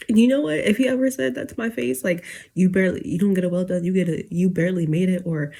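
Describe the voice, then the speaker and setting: Talking directly to viewers late at night, a twenty-something YouTuber rambles emotionally, full of fillers and restarts, holding back tears as she fights to keep composed. Her lowish, mellow, slightly husky voice moves fast with hardly any pauses.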